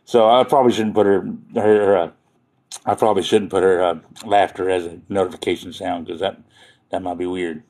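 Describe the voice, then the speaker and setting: A man's voice: low-pitched, steady tone, a little fast, darkish tone. A man hosting a casual livestream, joking and rambling with his viewers and laughing often. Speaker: livestream host chatting with viewers.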